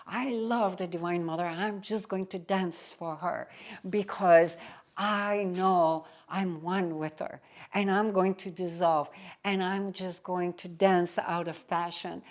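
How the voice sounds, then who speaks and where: A woman's voice: fairly low pitch, steady tone, slow pace. A woman acting out the inner voice of a young woman dancer talking to herself. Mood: joyful. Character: young woman dancer, anxious then joyful.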